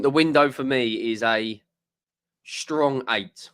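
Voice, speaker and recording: A man's voice: medium pitch, slow, a bit bright, smooth. A man co-hosting a football fan stream, chatting eagerly about transfer news in a casual way. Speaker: co-host. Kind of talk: casual live-stream chat.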